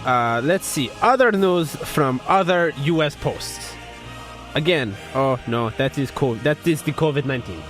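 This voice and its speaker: A man's voice: a little high, lively intonation, unhurried, soft background music. A man putting on a bumbling Soviet newsreader. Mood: proud deadpan. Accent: put-on Russian. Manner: broken English, loud and cheerful. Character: mock Soviet male newsreader, bumbling and proud.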